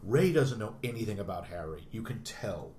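Man in animated film chat, roomy sound. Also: lowish voice, normal speed. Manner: animated, acts out quoted lines. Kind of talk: casual film discussion. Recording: roomy with faint noise.

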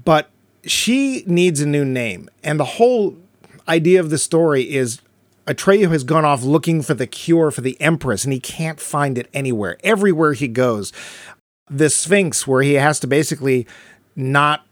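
A man with a slightly higher voice co-hosts a podcast, talking casually about a film. He retells scenes eagerly and slips into little acted-out quotes. The sound is dry and close, with no room around it. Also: lively intonation, moderate pace, no echo. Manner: enthusiastic, acts out quotes in character. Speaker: podcast co-host. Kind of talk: casual movie review chat.

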